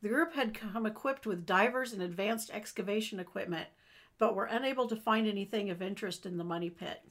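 A woman's voice: medium pitch, brisk. A woman co-hosting a podcast, reading history aloud with playful, teasing comments. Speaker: podcast co-host. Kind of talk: casual chat and reading aloud.

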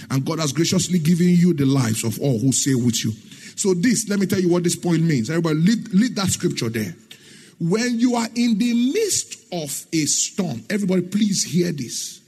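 A man's voice: fairly high pitch, animated, moderate pace, a little mellow, slightly rough. A middle-aged man preaching a sermon in an emphatic, sing-song way, asking the congregation questions and acting out the dialogue in his stories. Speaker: pastor.

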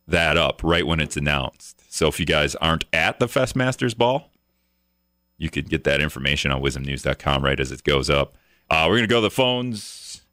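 A man's voice: low voice, bright, forceful tone, no echo. A man hosting a casual talk radio show from a studio, rambling and joking at his own expense. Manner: rambling, joking, self-mocking. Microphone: studio microphone.

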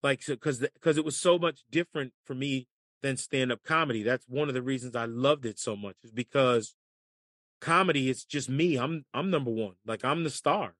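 A man from the United States, a caddie and broadcaster, telling animated stories in a podcast interview and acting out the voices of people in them. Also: medium pitch, moderate pace, dry recording, clean studio sound. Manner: animated storyteller acting out voices, laughing often.

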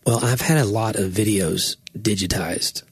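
Husky man, middle-aged, animated reminiscing co-host, dry close mic. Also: lowish voice, moderate pace, dry recording. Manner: animated, reminiscing, laughs often. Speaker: podcast co-host, former band member. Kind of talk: casual chat.

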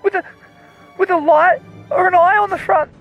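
A frightened male miner hiding on the moon, as a man puts him on for a radio comedy sketch. He speaks in a hushed, nervous and very high voice, with faint music under him. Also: steady tone, normal speed, dull audio. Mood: hushed, scared.

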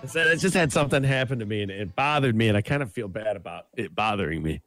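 A man's voice: on the low side, animated, quick pace, over music. A man co-hosting a radio show, telling rambling stories and laughing easily. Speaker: radio co-host. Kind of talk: casual radio banter.

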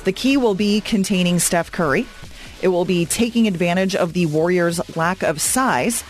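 A woman's voice: fairly low pitch, normal speed, soft background music. Upbeat woman reading a radio poll. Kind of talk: radio poll read, casual banter.

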